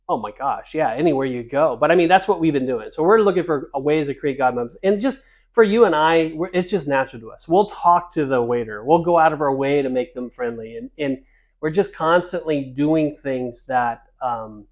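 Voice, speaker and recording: A podcast co-host with a slightly high voice talks briskly as he tells a story in casual chat aboard a cruise ship. He's an animated storyteller who laughs as he goes.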